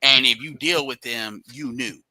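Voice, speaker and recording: Bright-voiced man rambling on a stream. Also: mid-range voice, normal speed, dry recording, rough recording. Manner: loose, rambling explanations with many restarts. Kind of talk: casual livestream chat.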